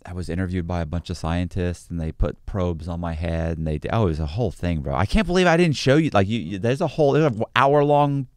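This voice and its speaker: A man with a very low voice that still leaps up and down as he tells a story. He rambles, stops and restarts, and piles on fillers. The sound is close and dry, with no room around it. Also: expressive, quick pace, hardly any pauses, no room sound. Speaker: podcast guest. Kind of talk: casual storytelling.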